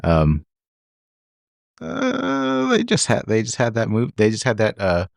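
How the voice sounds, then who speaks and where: A man's voice: lowish voice, wildly swooping pitch, slow pace, vocal fry, no echo, clean studio sound. A man co-hosting a podcast, laid-back and laughing often, hesitating as he searches for names. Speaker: podcast co-host. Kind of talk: casual chat.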